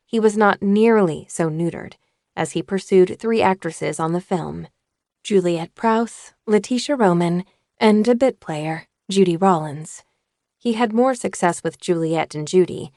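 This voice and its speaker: Low, gravelly woman narrating an audiobook. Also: measured pace, a little mellow, no room sound, clean studio sound.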